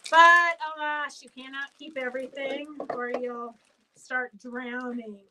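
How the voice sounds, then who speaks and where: A woman's voice: high-pitched, flat delivery, unhurried, a bit bright, far from the mic, a little hiss or hum, rough recording. A woman who owns a fabric shop hosts a live sale stream, chatting in a rambling way and calling out auction winners by name.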